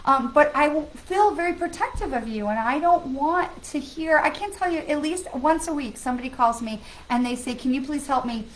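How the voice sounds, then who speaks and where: A woman's voice: sits high, expressive, normal speed, few pauses, a little hiss or hum, rough recording. A woman hosting a live stream as a psychic medium, chatting earnestly with viewers and greeting them by name. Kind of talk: casual live-stream chat.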